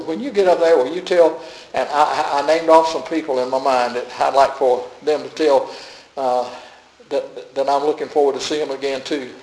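An older pastor preaching with a folksy, storytelling manner and frequent chuckles. His voice sits somewhat high for a man and swings from quiet asides to emphatic declarations. The sound carries a noticeable roomy echo. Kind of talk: sermon.

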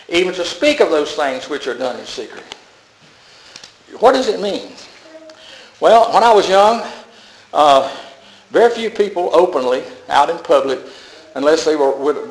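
A man's voice: a little high, echoey room, low-quality recording. An older man preaching a sermon as a pastor, telling folksy stories with chuckles.

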